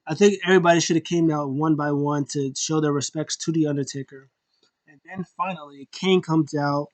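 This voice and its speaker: Man, casual reviewer, rambling, animated, slightly high pitch, dry recording. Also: a little fast, no room sound. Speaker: wrestling show reviewer. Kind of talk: casual recap and opinion.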